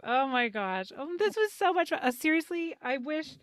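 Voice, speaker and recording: A bubbly woman host wrapping up a casual podcast chat with lots of laughter. Her voice sits somewhat high and sounds close and dry, with no room echo. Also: normal speed. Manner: bubbly and animated, laughs often.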